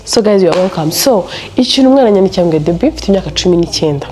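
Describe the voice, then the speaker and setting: A young woman from Rwanda, speaking, tells a story to her viewers. Her pitch swings widely as she talks, and she bursts into laughter and mock complaints. She chats casually, slipping between two languages. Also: racing, a little hiss or hum. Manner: animated, laughs often, mixes Kinyarwanda and English. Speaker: storytelling vlogger.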